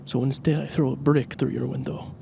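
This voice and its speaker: A man doing a lovesick creep of a suitor who purrs his lines in a fake accent that mixes Spanish, Italian and French. His voice drops low and breathy, as if he is leaning in close. He pleads softly and keeps the same hushed tone throughout. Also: level tone, brisk, slight background noise. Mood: breathy pleading. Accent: put-on mix of Spanish, Italian and French. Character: sleazy smitten male suitor with a mixed romantic accent.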